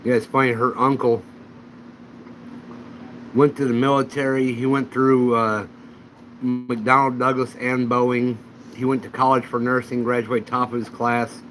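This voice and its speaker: A man's voice: medium pitch, level tone, measured pace, long pauses, a bit bright, a little hiss or hum, poor audio. A man hosting a casual livestream chat, telling rambling anecdotes. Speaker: channel host.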